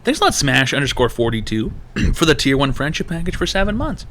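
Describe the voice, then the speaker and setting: A man streaming his own advice show, talking in a crisp, forceful voice. He rants loosely and swears constantly, jumping from one thought to the next. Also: mid-range voice, brisk, a little hiss or hum. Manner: profane, animated ranting. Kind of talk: live-stream call-in talk.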